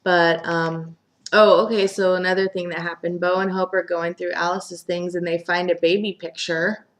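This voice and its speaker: A woman's voice: lowish voice, flat delivery, moderate pace. A young woman casually recapping a soap opera as host, chatty and full of fillers, sometimes acting out quotes.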